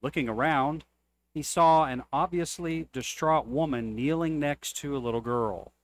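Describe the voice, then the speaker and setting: A man reading church jokes aloud as a co-host, in an unhurried storytelling delivery. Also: on the high side, slight background noise.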